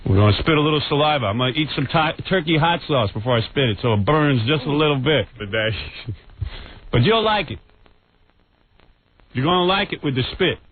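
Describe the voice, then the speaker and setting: A man's voice: a little high, animated, a little fast, long pauses. A man hosting a radio show, taunting a rival in a crude, mock-menacing bit. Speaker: radio host. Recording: tinny lo-fi radio broadcast, faint hiss.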